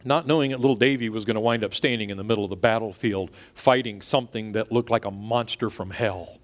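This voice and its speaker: A middle-aged pastor from Texas preaching a sermon, swinging between loud punchy asides and quiet storytelling. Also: male voice, fairly low pitch, quick pace.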